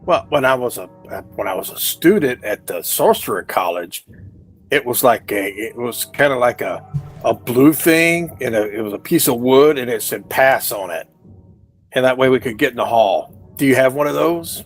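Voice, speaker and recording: A man's voice: medium pitch, lively intonation, normal speed, faint music behind, lightly acted. A man voicing a dim, boastful male sorcerer who takes everything literally. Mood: rambling. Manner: clueless and literal-minded.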